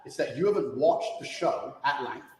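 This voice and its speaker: A man's voice: mid-range voice, animated, moderate pace, reverberant, a little hiss or hum, poor audio. A man answering interview questions in a combative, insistent way, repeating his points for emphasis. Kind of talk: heated interview exchange.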